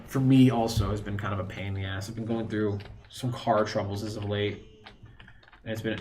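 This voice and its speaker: A man's voice: medium pitch, slight background noise. Rambling male streamer chatting with viewers. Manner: rambling, talks to chat, laughs often. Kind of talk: casual live-stream chat.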